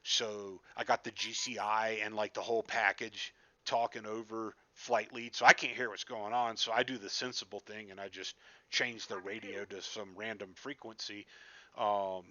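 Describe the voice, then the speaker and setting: Casual male storyteller, self-deprecating and profane, tense bright tone, muffled recording. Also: lowish voice, flat delivery, moderate pace, dry recording. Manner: self-deprecating, rambling, swears freely. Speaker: flight sim gamer recounting a session. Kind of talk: casual storytelling over gameplay.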